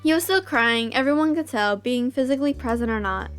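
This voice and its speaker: A woman's voice: high voice, a little fast, few pauses, clean tone, faint music behind. A woman host reading a visual novel aloud, breaking off into giggly, gushing asides.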